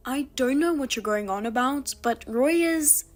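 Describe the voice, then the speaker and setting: A woman tells a first-person drama story with a fairly high, lively voice. She speaks with reproachful indignation, steady and direct, as she confronts a sister who wronged her. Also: normal speed, hardly any pauses, faint music behind. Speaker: narrator and wronged wife.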